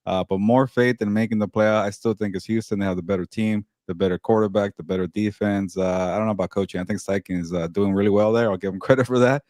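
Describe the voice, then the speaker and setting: A blunt man with a lowish voice, grumbling his way through a casual sports chat. He rants with mock outrage and stays frank. The recording is dry and close, with no room sound. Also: fairly even intonation, quick pace, hardly any pauses, darkish tone, no echo. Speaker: podcast co-host.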